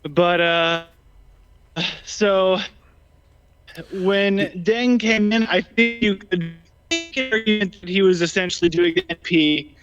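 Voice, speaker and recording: A man's voice: sits high, takes it slowly, long pauses, fairly bright tone, smooth, soft background music. A man in a casual political debate, a little out of breath, talking with many ums and restarts. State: slightly out of breath. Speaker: debate guest. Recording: dull lo-fi sound.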